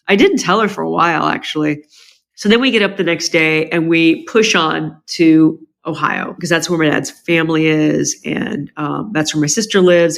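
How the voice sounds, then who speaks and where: A woman's voice: deep voice, creaky. Woman telling an emotional family story. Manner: animated, acts out quoted family members with a lifted voice; emotional, frank retelling with many restarts. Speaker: podcast guest. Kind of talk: personal storytelling in an interview.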